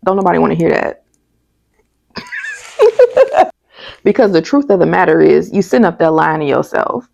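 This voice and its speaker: A woman's voice: lowish voice, big pitch swings, normal speed, gravelly, pauses often, warm tone, dry recording. A woman reviewing a TV episode in casual, candid commentary, chatty and prone to tangents, on a dull lo-fi recording. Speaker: TV show reviewer.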